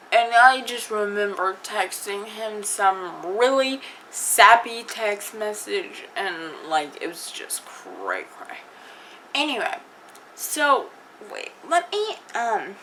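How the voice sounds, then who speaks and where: A woman talks straight to her viewers in a casual storytime vlog. She speaks slowly, with a bright, fairly high voice. She fills the story with fillers and acted-out bits of dialogue. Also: slight background noise, low-quality recording. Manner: chatty, lots of fillers, acts out quoted dialogue. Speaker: vlogger.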